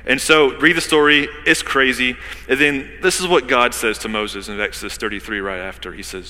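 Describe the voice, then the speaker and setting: A man preaching a sermon as pastor, talking conversationally to the congregation and reading scripture dramatically, swinging between loud and hushed. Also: mid-range voice, fairly even intonation, moderate pace, in a large hall, poor audio.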